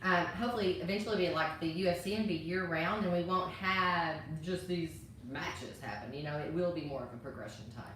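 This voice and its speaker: Woman co-host, chatty and teasing, low-set voice, roomy echo with faint background hum. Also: a little fast, hardly any pauses, fairly bright tone, recorded from a distance. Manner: chatty, teasing, directs her partner. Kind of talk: casual live chat. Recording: echoey room with faint ambience.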